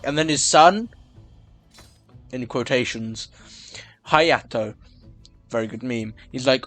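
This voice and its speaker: A young man co-hosting a casual podcast, rambling and halting through long recaps with lots of fillers. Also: medium pitch. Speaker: podcast co-host. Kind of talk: casual chat.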